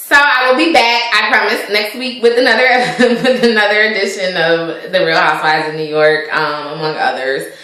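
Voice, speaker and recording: A woman's voice: mid-range voice, bright, forceful tone. A young woman recapping a TV episode in casual chat, filler-heavy and often laughing. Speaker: TV recap vlogger. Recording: very echoey room.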